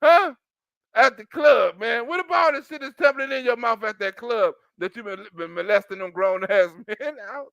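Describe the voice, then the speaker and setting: A man's voice: extremely high pitch, moderate pace, creaky, fairly bright tone, no echo, dull audio. A man doing comedic reaction commentary, mocking and laughing often, with street slang.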